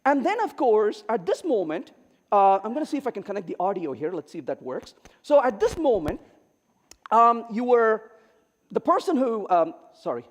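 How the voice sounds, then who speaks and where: High-voiced, lively middle-aged man on stage. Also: moderate pace. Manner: animated, acts out quoted dialogue. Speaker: keynote speaker. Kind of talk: humorous conference keynote storytelling. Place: large conference hall. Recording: reverberant hall.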